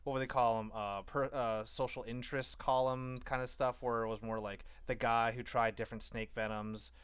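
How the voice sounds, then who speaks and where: A man's voice: medium pitch, flat delivery, normal speed, fairly bright tone, smooth. A man hosting a casual podcast, upbeat and easygoing as he keeps the show moving. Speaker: podcast host. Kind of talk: casual chat.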